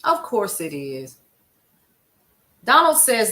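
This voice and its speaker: Bright-voiced woman hosting a live stream. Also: medium pitch, expressive, moderate pace. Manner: emphatic, conversational, addresses viewers as "y'all". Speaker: livestream news show host. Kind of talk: casual livestream chat, answering viewer comments.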